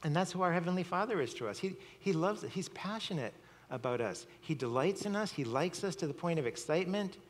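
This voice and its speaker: A man's voice: sits high, expressive, fairly quick, slight background noise. Chuckling man preaching in a reverberant hall. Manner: storytelling, chuckling often, repeating words. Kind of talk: sermon.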